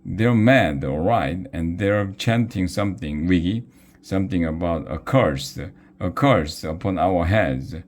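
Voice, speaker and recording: A man's voice: deep voice, lively intonation, unhurried, a little hiss or hum. A man voicing an eager, boastful schoolboy who exclaims in a storybook. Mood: excited.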